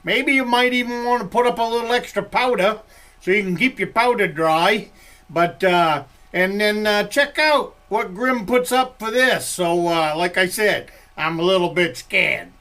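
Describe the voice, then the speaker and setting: Slow folksy older Maine woodsman. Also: sits high, expressive, bright, forceful tone. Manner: folksy, chuckling, drawn-out. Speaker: woodsman vlogger. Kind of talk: rambling campfire storytelling. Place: log cabin.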